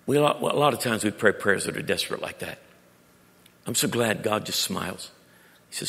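Pastor preaching in a big hall. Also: male voice, on the low side, a little fast, creaky. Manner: storytelling preacher, shifting between loud emphasis and quiet intimate tones. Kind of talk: sermon. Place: church sanctuary. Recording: long reverb of a large hall.

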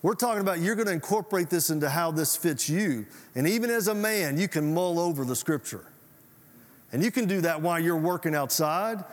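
A man preaching in a folksy, chatty way, throwing questions back at his congregation. His voice sits a little higher than most men's. The sound rings with the long reverb of a church hall. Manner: folksy, conversational preaching with audience call-outs. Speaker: pastor. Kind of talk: sermon.

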